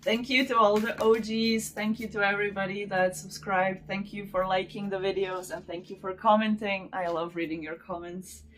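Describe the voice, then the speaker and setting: A woman's voice: mid-range voice, level tone, moderate pace, few pauses, a bit bright, slight background noise. A woman hosting her channel, chatting casually to viewers as she unboxes, gushing and talking to them directly. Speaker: channel host.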